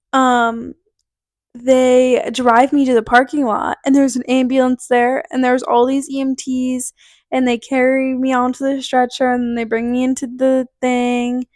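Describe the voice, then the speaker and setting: A woman's voice: sits high, a little mellow, no echo, clean studio sound. A young woman from Connecticut hosting a podcast, telling a personal story in a chatty way, with lots of "like" fillers and laughter. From Connecticut, USA. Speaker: podcast host. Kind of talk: casual storytelling.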